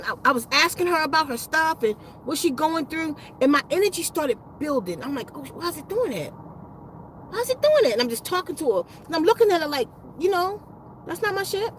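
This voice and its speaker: A woman's voice: high-pitched, animated, normal speed, fairly bright tone, slight background noise, rough recording. A woman who hosts a spiritual healing channel, telling a rambling, profane story in a casual livestream chat. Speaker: spiritual healer and channel host.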